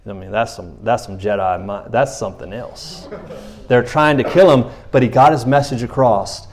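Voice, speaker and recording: A man preaching in a loose, conversational way, often checking in with his listeners and dropping to a quiet voice for emphasis. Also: medium pitch, steady tone, normal speed, slight background noise. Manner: conversational, often asks 'you know what I'm saying', drops soft for emphasis. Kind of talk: informal sermon.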